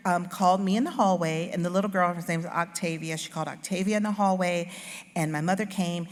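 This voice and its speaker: A woman author giving a humorous, animated storytelling speech into a stage microphone. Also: fairly low pitch. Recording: long hall reverb.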